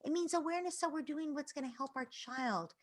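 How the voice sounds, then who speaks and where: A woman parenting expert answering audience questions in an earnest, explanatory way, dropping to soft whispers at times. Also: sits high, a little fast.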